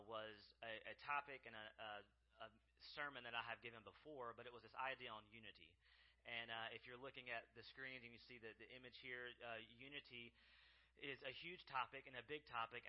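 A man, a guest preacher telling a funny story in his sermon, animated and laughing often, with many fillers. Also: mid-range voice, highs cut off. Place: church chapel.

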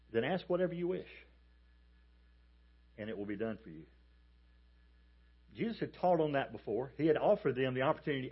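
A man preaching a sermon as a pastor, emphatic and animated as he tells a story. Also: mid-range voice, breathy edge, highs cut off. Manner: emphatic, animated storytelling with calls for the congregation to repeat.

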